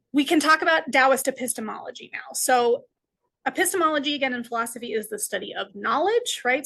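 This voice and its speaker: A woman's voice: high voice, fairly bright tone, husky. A woman teaching a philosophy lecture, explaining step by step and tagging her points with frequent questions to the class. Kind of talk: recorded lecture.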